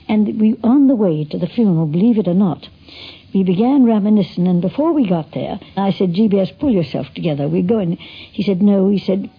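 A woman's voice: medium pitch, expressive, fairly quick, vocal fry, husky. An older woman reminiscing in an interview, telling a story chattily with quoted dialogue, in a dull lo-fi archive recording.

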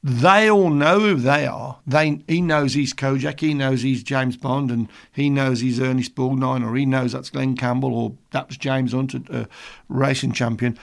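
A middle-aged man with a Birmingham accent hosts a radio show, talking casually and cracking jokes as he wanders through a story. His voice has a gravelly, fry-edged texture at an ordinary middle pitch. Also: fairly even intonation, normal speed. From England. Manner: chatty, jokey, rambling storyteller. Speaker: radio presenter.

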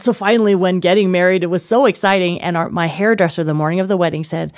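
Woman in her thirties, lively storyteller, dry close sound. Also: on the low side, fast, dry recording. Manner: animated, acts out quotes with laughs. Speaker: author and guest. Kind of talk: casual storytelling.

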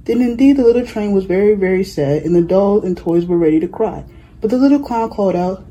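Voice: mid-range voice, expressive, fairly quick, dark tone. A reader reading a children's picture book aloud, plainly and with small slips. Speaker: storybook reader.

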